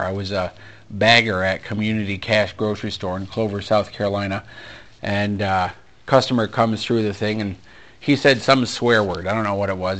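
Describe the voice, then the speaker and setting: A male pastor preaching a sermon, animated and storytelling, acting out conversations with frequent ums and restarts. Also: lowish voice. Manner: animated storyteller, acts out dialogue, many fillers. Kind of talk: sermon with personal stories.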